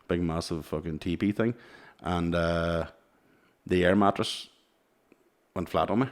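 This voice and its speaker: A man's voice: low-pitched, steady tone, a little slow. A middle-aged man co-hosting a podcast, telling sweary stories in a casual chat and laughing often. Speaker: podcast co-host.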